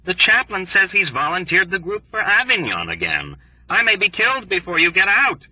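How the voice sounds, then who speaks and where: A man voicing a hotheaded young airman who talks in a rough, quavering, overwrought and pugnacious way. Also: sits high, very animated, moderate pace, pushed and bright, dry recording, far from the mic, muffled recording, voice pushed up, exaggerated voice. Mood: agitated. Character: frantic sneezing young male airman, hotheaded. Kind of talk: audiobook character voice.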